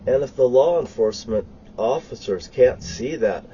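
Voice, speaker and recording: A man's voice: medium pitch, lively intonation, moderate pace, dark tone, muffled recording, slight background noise. A man ranting in a heated, rambling monologue, swearing constantly. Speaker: vlogger.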